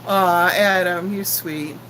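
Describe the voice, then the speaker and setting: A woman's voice: on the low side, steady tone, slow pace, a bit bright, a little hiss or hum, poor audio. A woman in her sixties hosting a casual live stream, chatting affectionately with viewers and greeting them by name. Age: 60s.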